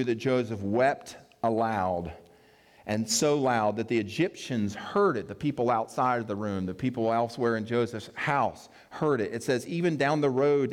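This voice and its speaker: A man preaching a sermon, telling the story in a lively way and acting out the quoted characters with playful asides. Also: mid-range voice. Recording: long reverb of a hall.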